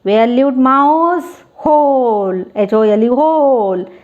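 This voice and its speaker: Slow-spoken woman teaching young children. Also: high-pitched, darkish tone, highs cut off. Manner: simple non-native English, spells words letter by letter. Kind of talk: children's textbook lesson.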